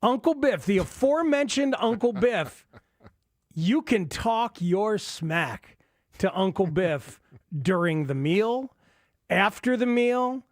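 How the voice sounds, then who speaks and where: A man hosting a sports talk radio show, chatting excitedly about football and taking calls. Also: high voice, takes it slowly, no echo, studio quality.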